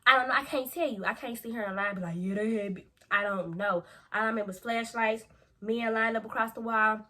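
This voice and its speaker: A young woman vlogger telling a storytime in a lively, slangy way, acting out quotes. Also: on the high side, brisk. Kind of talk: storytime vlog.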